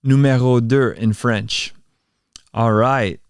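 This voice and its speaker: A man's voice: medium pitch, steady tone, slow, smooth, no echo, clean studio sound. A man hosting a casual livestream, talking earnestly with many fillers, then leading a prayer. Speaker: channel host and worship drummer.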